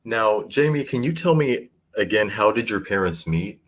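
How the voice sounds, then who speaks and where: A man hosting a casual interview who asks short, relaxed questions and cuts in briefly. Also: on the low side, normal speed. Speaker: interview host.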